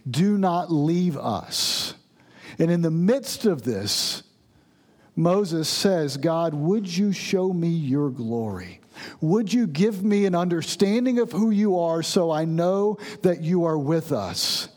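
A man's voice: on the high side, animated, slow pace, a little mellow. A man preaching a sermon, earnestly explaining and reading scripture verses with emphasis. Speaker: pastor.

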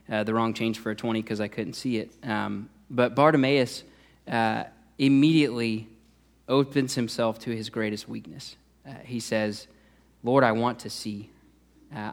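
Brief: male youth pastor, relaxed sermon delivery, mid-range voice, lots of fillers. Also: mid-range voice. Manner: conversational, many "uh" fillers and restarts.

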